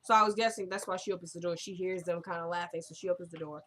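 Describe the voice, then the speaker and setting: A woman's voice: lowish voice, steady tone, racing, a bit bright. A woman casually recapping a TV drama episode, chatty and full of fillers, acting out the characters' lines as she retells scenes.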